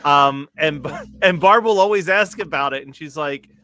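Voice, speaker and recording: A man's voice: on the high side, normal speed, pushed and bright. A man producing a podcast, telling stories in casual panel chat, chatty and laughing with self-deprecating humour.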